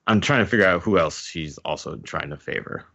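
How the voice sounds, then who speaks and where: A man's voice: low voice, brisk, creaky, sharp tone. A man hosting a podcast, casually and analytically pointing out details. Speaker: podcast host. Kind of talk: casual chat. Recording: dull lo-fi podcast audio.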